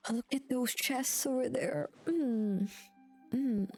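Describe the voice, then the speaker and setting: A woman's voice: on the high side, slow pace, darkish tone, faint music behind. A woman streamer giving casual, chatty gameplay commentary with mumbled asides and swearing.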